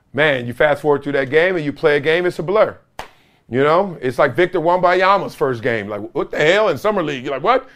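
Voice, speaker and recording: Animated man hosting sports talk. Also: a little high. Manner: animated, loud outbursts, laughs often. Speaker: podcast host, former NFL player.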